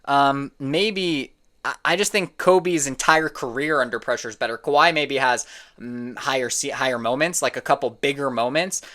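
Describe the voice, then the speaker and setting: A man's voice: medium pitch, normal speed, pushed and bright. A man giving casual reaction commentary on sports opinions, opinionated and prone to getting heated and exasperated. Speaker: sports content creator.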